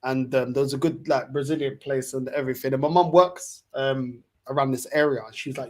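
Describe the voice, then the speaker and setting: A man's voice: mid-range voice, fairly even intonation, a little fast, few pauses. A man hosting a casual chat, easygoing, laughing often and repeating himself. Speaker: channel host.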